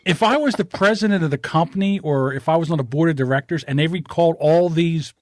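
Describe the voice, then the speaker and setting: A man's voice: fairly high pitch, fast, slight background noise. A man on a podcast, blunt and profane, acting mock-outraged in casual banter. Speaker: podcast co-host. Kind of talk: casual chat.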